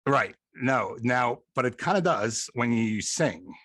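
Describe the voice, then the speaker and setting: A podcast host with a Long Island New York accent, a man who chats loosely and laughs at himself often. His voice is bright and forceful. The sound is dry, with no room echo. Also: medium pitch, animated, slow pace, husky. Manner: laughs often, chatty and self-mocking. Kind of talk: casual interview chat.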